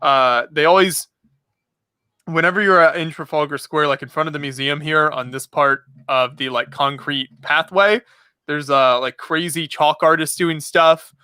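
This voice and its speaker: A man's voice: on the high side, steady tone, normal speed, sharp tone, clean tone, dry recording, clean studio sound. A man hosting a casual live stream chat, rambling with lots of fillers and frequent laughter over a remote call mic. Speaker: podcast host.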